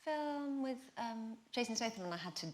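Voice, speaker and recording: A woman from London with a soft London accent, a guest on a chat show, giggly and halting with many fillers. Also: fairly high pitch, animated, a little hiss or hum. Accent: London, softened by elocution lessons. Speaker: actress guest. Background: studio audience laughter.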